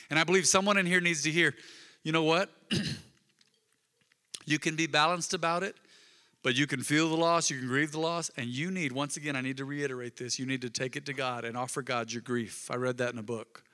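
Reverberant preacher, bright and emphatic. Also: male voice, a little high, fairly even intonation, a little fast. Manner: swings from loud emphatic bursts to soft intimate murmurs. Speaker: pastor. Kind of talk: sermon. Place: church sanctuary. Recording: long reverb of a large hall.

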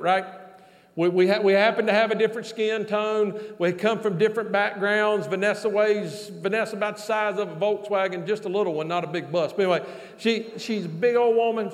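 A man telling a folksy, animated sermon story as a pastor, with loud exclamations. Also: sits high, brisk. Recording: long hall reverb.

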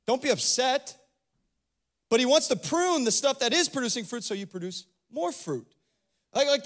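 Man, very high voice, pastor, casual animated sermon, conversational asides. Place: church service before a congregation.

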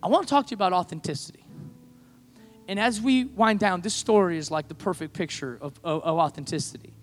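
A man preaching a sermon, moving from quiet storytelling to impassioned shouting. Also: sits high, fairly quick, soft background music. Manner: builds to impassioned shouting, acts out voices in quotes. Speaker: pastor.

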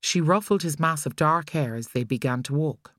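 A woman with an Irish accent reading a thriller audiobook in a measured, expressive way. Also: sits low, no room sound, clean studio sound. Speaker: audiobook narrator. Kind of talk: scripted narration.

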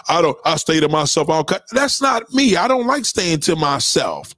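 A high-voiced, middle-aged man rants in a profane comic monologue. His pitch swings widely as he mimics other people. The sound is close and dry. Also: normal speed, few pauses, dry recording. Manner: animated, swearing, acts out quotes. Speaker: comedic monologue host. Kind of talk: profane comedic rant.

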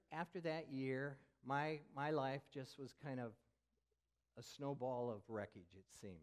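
Older male pastor, mid-pitched, sermon delivery, candid confessional storytelling. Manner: candid storytelling, drops to a whisper for effect.

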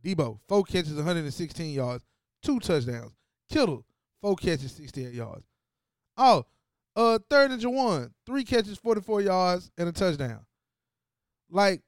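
Loud, profane, trash-talking man. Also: measured pace, long pauses, no room sound, studio quality. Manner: profane, trash-talking, repeats phrases for emphasis; swings between low stat-reading and loud excited outbursts. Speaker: sports podcast host. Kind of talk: animated casual sports rant.

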